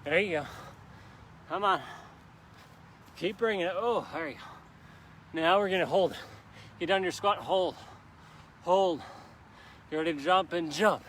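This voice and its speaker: A fairly high-voiced man leads a workout outdoors in a park, upbeat and pushing listeners on with countdowns. He is out of breath and sweating as he talks, with faint traffic behind him. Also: unhurried, pauses often, fairly bright tone. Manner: upbeat, urging viewers on with countdowns. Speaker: fitness instructor. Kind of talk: live workout coaching.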